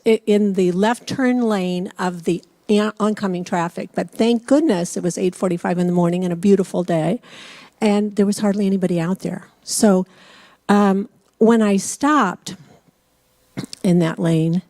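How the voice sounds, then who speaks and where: A woman's voice: medium pitch, vocal fry, no room sound. A woman who leads meditation at a church, telling a chatty personal story with touches of humor. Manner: chatty, animated storyteller with self-deprecating humor. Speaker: meditation leader. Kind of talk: personal story told from the pulpit. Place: church service.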